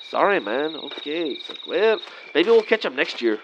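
A man's voice: a little high, big pitch swings, normal speed. Slacker-drawling man in his thirties, lo-fi. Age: 30s. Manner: laid-back slacker drawl, saying "man" and "vato" constantly. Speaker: comedian. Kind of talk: improvised character comedy sketch. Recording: dull lo-fi audio with faint night noise.

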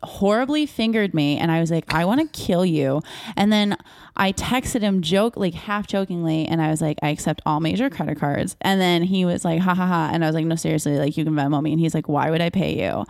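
A woman's voice: lowish voice, brisk, a little mellow, no room sound. A young woman comedian telling candid, profane stories in a casual podcast chat, with lots of "like". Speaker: comedian guest.

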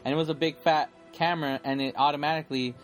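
A man with a somewhat high voice co-hosts a casual podcast. He chimes in quickly and laughs along. Faint music plays behind him. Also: steady tone. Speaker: podcast co-host. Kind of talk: casual chat.

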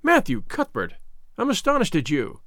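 A man's voice: high-pitched, wildly swooping pitch, moderate pace, a bit bright, dry recording, full character voice. A man reading an audiobook, voicing a strict, dry, reproving middle-aged woman. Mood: indignant.

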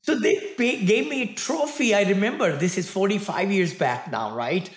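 A man's voice: high-pitched, lively intonation, normal speed, roomy sound. A man in his sixties from India with an Indian accent, a cheerful guest who laughs often in casual chat.

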